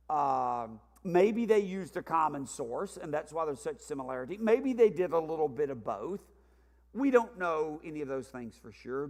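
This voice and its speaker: A man with a fairly high voice teaches a Sunday Bible class in an earnest lecturing way, repeating his main points as he goes. The sound carries a long reverb from the church hall he speaks in.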